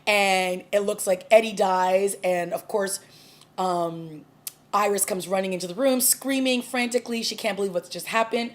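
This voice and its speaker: A woman talks through a TV episode she just watched, chatting casually as a review vlogger. Her voice sits at an ordinary middle pitch. She stumbles and restarts often, padding her lines with fillers as she recaps. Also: normal speed.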